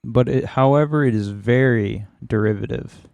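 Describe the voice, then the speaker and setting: A man co-hosting a horror podcast who gives blunt, wry opinions and swears casually. His voice sits at an ordinary middle pitch. The sound is dry and close-miked. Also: moderate pace, vocal fry, a little mellow, no room sound. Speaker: podcast co-host. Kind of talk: casual chat.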